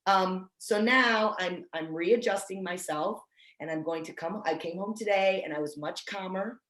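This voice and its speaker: A woman's voice: medium pitch, normal speed, a bit bright. Woman, dog trainer, casual video-call chat, roomy sound. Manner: chatty, self-deprecating, restarts often. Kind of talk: casual online training talk.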